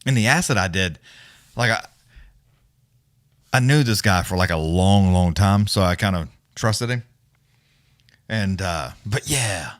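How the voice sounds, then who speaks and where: A man with a lowish voice hosting a live fight stream, rambling through stories in a loose, profane, laid-back way. He chuckles at his own tangents, and his voice comes across dry and close, with no room sound. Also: expressive, a little slow, pauses often, dry recording. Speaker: livestream host. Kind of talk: casual profane storytelling chat.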